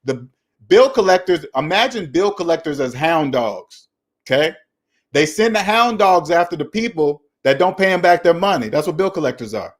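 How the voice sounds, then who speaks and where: A man's voice: on the high side, lively intonation, moderate pace. A man hosting a casual finance talk, lecturing emphatically and repeating his points. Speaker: finance channel host.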